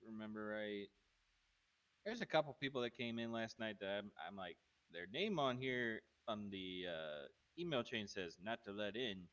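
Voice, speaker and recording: A man's voice: on the low side, a bit bright, clear, resonant tone, highs cut off. A man telling a rambling in-character story during a roleplay game stream, chuckling between sentences. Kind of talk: casual in-character chat.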